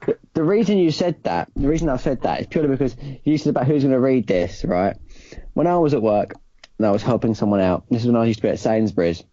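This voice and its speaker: A man's voice: medium pitch, expressive, fast, dark tone, lo-fi sound. A young man co-hosting a podcast, giggly and teasing in casual chat. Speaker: podcast co-host.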